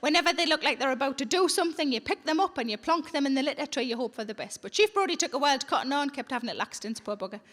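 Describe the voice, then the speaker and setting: A woman's voice: high-pitched, lively intonation, racing, hardly any pauses, fairly bright tone. A woman comedian, telling blunt, sweary stories in a live stand-up set. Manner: blunt, sweary, conversational storytelling. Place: theatre stage, live audience.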